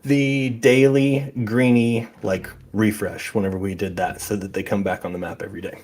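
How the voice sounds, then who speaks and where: A man hosting a live awards stream, announcing winners in a relaxed, matter-of-fact way. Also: lowish voice, normal speed. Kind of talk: casual live chat.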